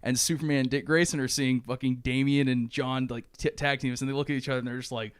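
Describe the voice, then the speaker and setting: A man co-hosting a podcast in casual chat, telling an animated, swear-heavy story and acting out the characters' lines. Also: mid-range voice, quick pace, smooth, no room sound, studio quality. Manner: excited storytelling, swears often, acts out lines. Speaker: podcast co-host.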